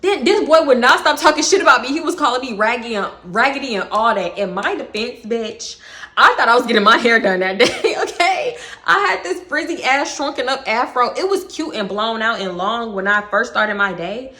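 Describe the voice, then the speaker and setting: Woman vlogger, animated and foul-mouthed, slightly high voice, roomy sound. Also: moderate pace. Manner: animated, profane, dramatic retelling. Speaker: storytime vlogger. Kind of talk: casual storytelling.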